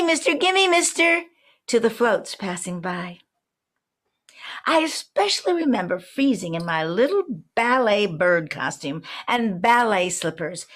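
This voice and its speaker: Older woman telling a wry personal story. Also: medium pitch. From New Orleans, Louisiana. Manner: reflective, wry, slows for emphasis.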